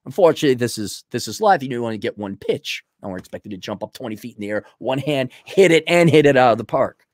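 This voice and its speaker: A middle-aged man giving rambling, folksy advice to a listener in a casual monologue, with sudden loud swings as he tells stories. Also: mid-range voice, expressive, quick pace, dry recording, clean studio sound. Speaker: advice host answering a listener.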